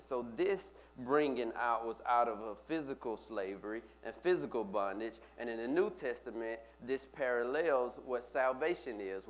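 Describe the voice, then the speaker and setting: A male pastor preaching a sermon, building with emphatic, repeated phrases. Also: mid-range voice. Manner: preaching with rising emphatic repetition.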